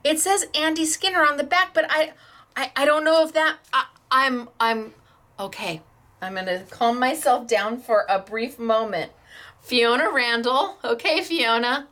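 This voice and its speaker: Female craft host, high bright voice, effusive and stammering with excitement. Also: measured pace. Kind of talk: excited show-and-tell of craft samples.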